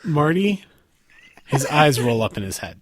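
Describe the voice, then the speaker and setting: Unhurried, lively-voiced male game master. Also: medium pitch, no echo, studio quality. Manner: halting, full of fillers and restarts. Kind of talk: narrating a tabletop game.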